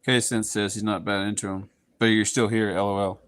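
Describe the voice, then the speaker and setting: This livestream host, a Texan-accented man from Southeast Texas, has a fairly low, clear, resonant voice with a fairly bright tone. His delivery is flat and his pace moderate as he chats casually with viewers, playfully putting on goofy voices.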